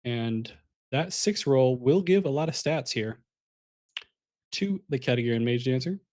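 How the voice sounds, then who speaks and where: A man's voice: mid-range voice, lively intonation, moderate pace, a little mellow. A man casting a live online card game tournament, talking casually and chatting with his viewers as he walks through the plays. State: sleepy, yawning. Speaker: caster.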